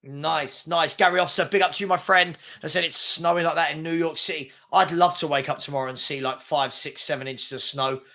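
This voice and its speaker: English male co-host, slightly high voice, chatty rambling match commentary. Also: steady tone, a little fast, hardly any pauses, pushed and bright. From England. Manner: chatty, rambling, lots of fillers and restarts. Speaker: live stream co-host. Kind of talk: casual live football commentary.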